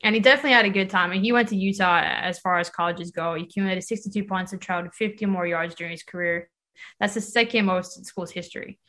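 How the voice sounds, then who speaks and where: A woman co-hosting a casual sports podcast, talking quickly and acting out what other people say. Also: mid-range voice. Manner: lively, quick, acts out other people's remarks. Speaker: podcast co-host.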